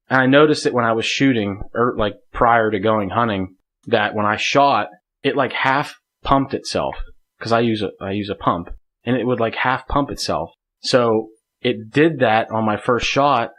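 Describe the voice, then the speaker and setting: Podcast guest, male, mid-pitched, casual storyteller who laughs a lot and rambles. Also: a little slow, a bit bright. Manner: laughs often, rambling with many "like" fillers. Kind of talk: casual hunting story told in conversation.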